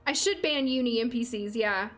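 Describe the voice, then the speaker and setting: A woman's voice: a little high, normal speed. A young adult woman chatting casually while streaming a game, laughing often and talking to the characters on screen. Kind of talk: casual gameplay livestream chat. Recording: faint music behind.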